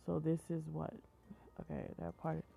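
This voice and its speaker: A young woman streamer reading a horror story aloud in a flat, even tone, stumbling over words and chatting between passages. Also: sits low, normal speed, creaky, faint music behind. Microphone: phone mic. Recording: tinny phone-like live-stream audio.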